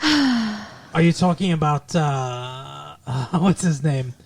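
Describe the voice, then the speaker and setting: A man's voice: on the high side, lively intonation, takes it slowly, creaky. Male podcast host, casual and jokey, teasing banter. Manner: joking, teasing. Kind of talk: casual chat.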